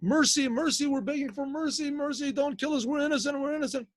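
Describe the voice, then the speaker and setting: A man's voice: very high-pitched, fast, dry recording, studio quality, pitched above the performer's own voice. A man voicing desperate begging brothers. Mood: pleading. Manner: begging, repetitive pleading. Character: two desperate pleading Jewish brothers, grown men.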